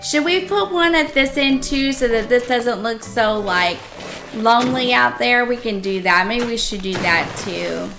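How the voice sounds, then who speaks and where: A woman streaming herself playing a cozy game, chatting casually with viewers and gushing with excitement over what she builds. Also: a little high, unhurried, gravelly, soft background music. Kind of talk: casual live-stream chat while playing.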